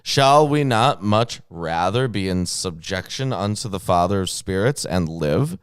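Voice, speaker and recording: Slow, low-voiced man reading scripture. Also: smooth, dry recording. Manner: reads old-fashioned scripture with dry asides. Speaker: co-host. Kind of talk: casual chat and reading scripture aloud.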